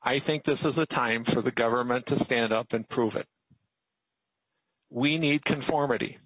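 A man's voice: mid-range voice, normal speed, fairly bright tone, husky, no echo. A man, a small business owner, giving pleading, emphatic testimony to a committee. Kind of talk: formal public testimony. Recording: dry, muffled lo-fi audio.

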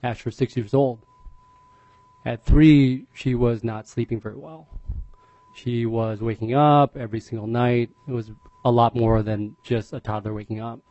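A man's voice: mid-range voice, steady tone, dark tone, dry recording. A man giving public testimony as a parent, earnest and openly emotional, stumbling over repeated words. The sound is dry and a little dull, without sparkle. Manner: earnest, emotional, halting repetitions. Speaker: parent testifying at a legislative hearing.

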